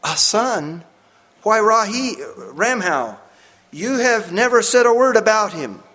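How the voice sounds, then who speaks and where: A man's voice: high-pitched, animated, a little slow, a bit bright, voice pushed up. A man voicing an earnest missionary who urges his old friend with an urgent, pleading voice.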